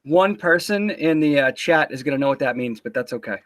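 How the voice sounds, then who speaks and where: A man's voice: mid-range voice, lively intonation, fairly quick, a bit bright. A man hosting a casual livestream interview, teasing and swearing loosely as he chats into a computer mic. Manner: teasing, profane, loose banter.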